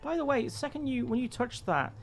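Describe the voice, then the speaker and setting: A man running a tabletop game, narrating scenes in an unhurried, descriptive way with restarts. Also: extremely high pitch, lively intonation, a little hiss or hum. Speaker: game master.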